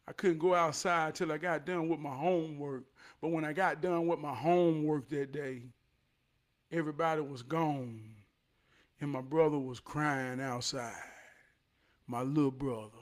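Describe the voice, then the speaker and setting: A man in his forties telling a neighborhood story from his youth, animated, swinging from loud bursts down to a hush. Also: a little high. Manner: animated, loud bursts, drops to hushed tones. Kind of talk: casual storytelling vlog.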